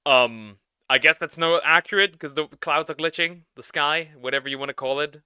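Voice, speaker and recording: A man's voice: fairly high pitch, normal speed, bright, forceful tone, smooth, no room sound, studio quality. A young man streaming, giving chatty, rambling reaction commentary and laughing often. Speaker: VTuber streamer.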